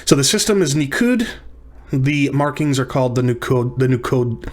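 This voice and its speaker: A man teaching a recorded lesson at a mid pitch. He explains each term patiently, repeats words and restarts his sentences now and then. He speaks into a desk microphone for a screen recording. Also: lively intonation, normal speed. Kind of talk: recorded lecture practice session.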